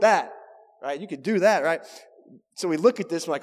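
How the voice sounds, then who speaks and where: A man's voice: on the high side, fairly quick, in a large hall. A man preaching a sermon as pastor, conversational and emphatic, often checking in with the congregation. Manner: conversational and emphatic, keeps asking "right?". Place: church.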